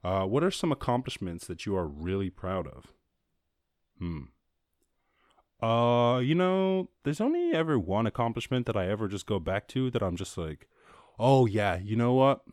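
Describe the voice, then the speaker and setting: A young Irish man hosting a casual solo podcast, rambling and swearing freely, acting out quotes in a higher voice. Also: sing-song, moderate pace, a little mellow, dry recording, studio quality. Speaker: podcast host.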